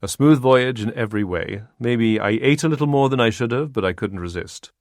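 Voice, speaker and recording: A man voicing a reserved male film actor in an audiobook, polite and measured. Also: medium pitch, no room sound, studio quality, lightly acted.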